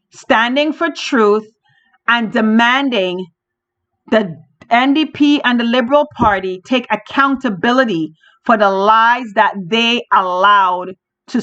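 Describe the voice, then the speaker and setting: A woman's voice: high voice, fairly bright tone. A woman hosting a podcast, delivering a fiery political monologue from Canada, emphatic and repetitive as she rallies listeners. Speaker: podcast host. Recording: dull lo-fi audio.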